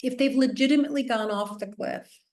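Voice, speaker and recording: A woman speaking as a parenting expert guest in a casual podcast interview, animated and chatty, with frequent restarts, fillers and little laughs. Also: high-pitched, brisk. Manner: laughs often while explaining.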